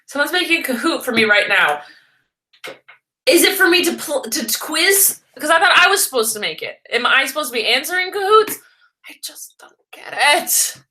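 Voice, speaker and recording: A woman's voice: sits high, lively intonation, fairly quick, sharp tone. A woman chatting casually on a livestream, rambling and laughing often as she answers comments. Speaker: vlogger live-streaming. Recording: roomy echo.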